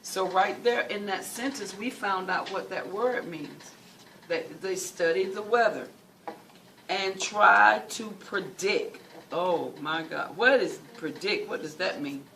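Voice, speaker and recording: Patiently repeating questions and key words, a teacher guides students through a reading lesson with a measured pace, lively intonation and a fairly bright, medium-pitched voice. The classroom audio is noisy, captured far from the microphone.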